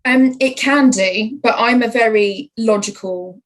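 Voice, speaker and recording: A woman speaking as a podcast guest, explaining her writing work in a measured conversational way. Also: fairly high pitch, poor audio. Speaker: podcast guest, content writer. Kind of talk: conversational interview.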